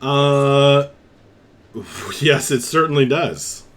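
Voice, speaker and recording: A man running a tabletop game as dungeon master, narrating the action in a lively, descriptive way with frequent fillers. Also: medium pitch, very slow, crowd noise.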